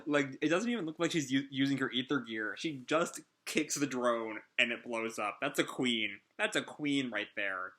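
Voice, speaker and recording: A man's voice: mid-range voice, moderate pace, hardly any pauses, bright, forceful tone. A man chatting casually through a live manga chapter reaction, enthusiastic and full of fillers.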